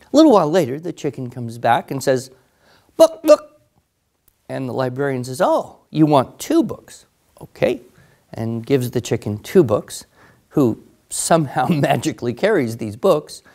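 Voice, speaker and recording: A man's voice: mid-range voice, gravelly, darkish tone. A man telling a long, silly joke with dry, wry asides along the way. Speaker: monthly joke teller.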